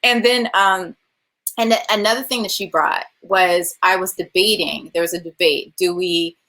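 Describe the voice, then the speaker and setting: A woman film director from California with a Californian accent, telling an animated story in a virtual interview and acting out what other people said. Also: on the low side, moderate pace. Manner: animated, laughs often, acts out quoted voices. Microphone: video call.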